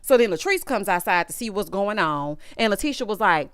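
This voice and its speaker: A woman's voice: medium pitch, lively intonation, fairly quick, hardly any pauses, clear, resonant tone, dry recording, clean studio sound. A woman with a Southern US accent giving a sassy, gossipy recap of a reality show, talking to viewers as honey and y'all. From Southern United States. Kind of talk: casual recap commentary.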